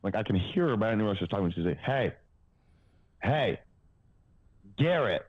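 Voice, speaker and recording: Racing through his anecdotes, a twenty-something powerlifting coach on a podcast rambles casually, leaning on fillers and dropping the odd swear. His pitch is fairly low. The audio sounds dull, with no room sound.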